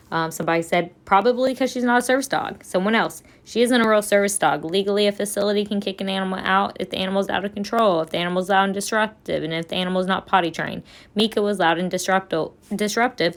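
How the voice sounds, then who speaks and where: A woman's voice: on the low side, fairly bright tone. Earnest woman reading out comments. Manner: earnest, lecturing. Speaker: vlogger, service dog handler.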